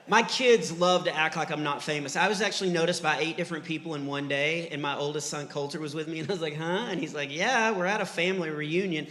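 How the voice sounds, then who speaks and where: A middle-aged man from Texas doing clean stand-up, an animated storyteller who acts out the voices in his stories. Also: fairly high pitch, noisy background. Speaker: stand-up comedian. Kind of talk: clean stand-up comedy with faith message. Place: church hall before a live audience. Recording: live church hall reverb.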